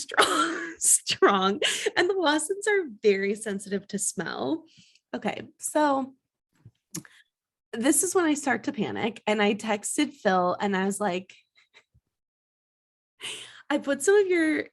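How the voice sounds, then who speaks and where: Laughing, animated woman podcast host. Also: medium pitch. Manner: animated, laughing, self-mocking storyteller. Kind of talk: casual storytelling chat.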